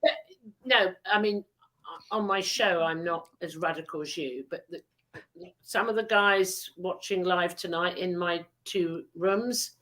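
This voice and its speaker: A woman hosts a podcast, casually chatting and telling a story in a rambling, teasing way packed with fillers. Her voice is lowish and a bit bright, with a measured pace.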